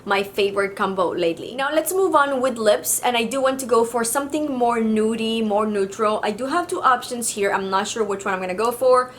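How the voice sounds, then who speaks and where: A woman's voice: a little high, fairly quick, few pauses, slight background noise. A woman from Mexico, a beauty vlogger, chatting casually through a makeup tutorial with easy fillers.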